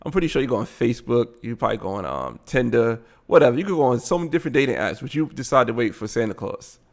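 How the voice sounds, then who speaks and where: A man's voice: medium pitch, fast talker. A man hosting a live show, giving blunt, casual commentary on a video he is watching. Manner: animated, blunt, frequent laughing asides.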